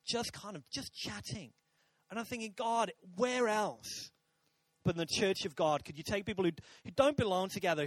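A man's voice: high voice, fairly bright tone, no echo. A man preaching a sermon to a congregation in a church, chatty and jokey, talking with the crowd. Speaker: pastor. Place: church auditorium.

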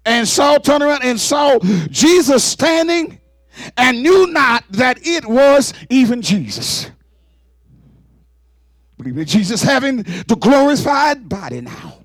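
A male preacher delivering an exclamatory sermon, shouting and whooping between scripture readings. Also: high-pitched, no room sound, clean studio sound.

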